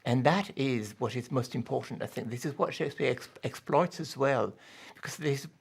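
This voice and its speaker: A man speaking as an academic guest in a radio interview, halting and thoughtful, with many repeated words. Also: mid-range voice, creaky, husky.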